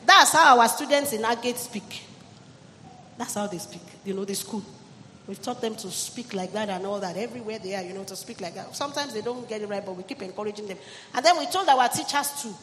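A woman's voice: on the high side, fairly quick, fairly bright tone. A middle-aged woman pastor preaching a sermon, exhorting her congregation and calling for amens and hallelujahs. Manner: exhorting, call-and-response with the congregation. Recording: long church hall reverb, faint ambient noise.

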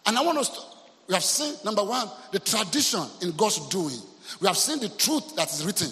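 A man with a Nigerian accent preaching a sermon, telling a story in an animated way and mixing in Yoruba phrases. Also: high voice, brisk, big-room sound. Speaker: pastor. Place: church hall.

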